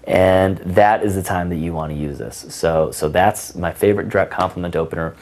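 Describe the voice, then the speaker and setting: A man with a low voice explains dating tips in a loose, casual coaching talk. He fills his sentences with um and you know. When he acts out example lines, his voice leaps up with sudden energy. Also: brisk, slight background noise. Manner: animated, acts out example lines with big pitch jumps; many fillers like um and you know.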